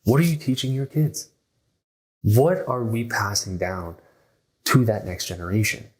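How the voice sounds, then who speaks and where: A man with a fairly low-pitched voice, speaking a little slowly, hosts a health podcast and delivers motivational talk in a blunt, emphatic way, often acting out what other people say. The recording quality is low.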